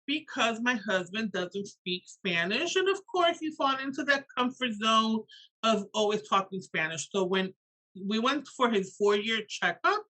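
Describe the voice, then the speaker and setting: Bright-voiced Puerto Rican woman. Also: on the high side, measured pace, poor audio. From Puerto Rico. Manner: animated, lots of "you know" fillers. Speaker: guest author and educator. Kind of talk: casual interview conversation.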